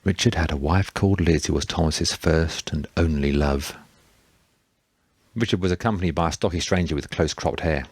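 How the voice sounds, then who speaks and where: A man narrates a novel in a steady, measured read. His voice sits very low, recorded close and dry. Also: dry recording. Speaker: audiobook narrator. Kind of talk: scripted narration.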